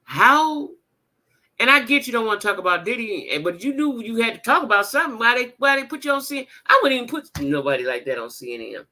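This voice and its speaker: A woman hosting a casual livestream chat, talking to her viewers in a blunt, animated and profane way, with repeated exclamations. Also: fairly high pitch, quick pace, few pauses. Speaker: livestream host reading viewer comments.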